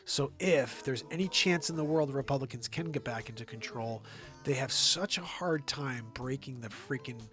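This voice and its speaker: A man's voice: mid-range voice, a bit bright. A man hosting his own online show, ranting about politics in a heated, profane and sarcastic way.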